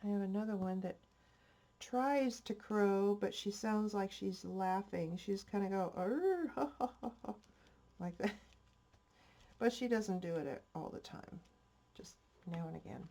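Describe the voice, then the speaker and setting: An older woman hosts a crafting vlog, chatting casually in a rambling, homespun way and sounding a bit stuffy-nosed. Her voice is medium-pitched, measured in pace and dark in tone.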